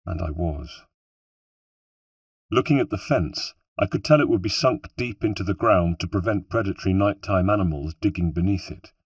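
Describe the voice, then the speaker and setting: A man narrating an audiobook in a measured, somber first-person storytelling manner, with a husky voice. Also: fairly low pitch, no room sound. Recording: dry, distant mic.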